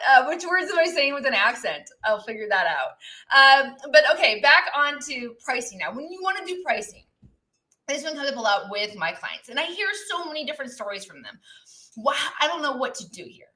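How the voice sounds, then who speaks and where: A woman's voice: a little high, pushed and bright, low-quality recording. A woman business coach talking casually to viewers on a live stream, chatty and reflective, with lots of fillers and asides. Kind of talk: live-stream teaching talk. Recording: live online broadcast.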